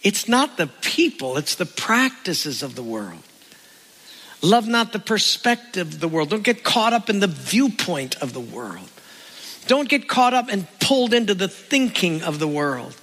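A man preaching a sermon, animated, asking the congregation rhetorical questions and acting out the voices he quotes. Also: high-pitched, unhurried, breathy edge. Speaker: pastor. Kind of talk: sermon with jokes. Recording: reverberant hall.

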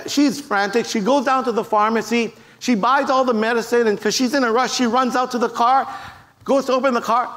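A man preaching a sermon to a church congregation, telling stories and acting out the voices of the people in them. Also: sits high. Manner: animated storyteller, acts out voices in quotes. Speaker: pastor. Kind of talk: sermon with storytelling.

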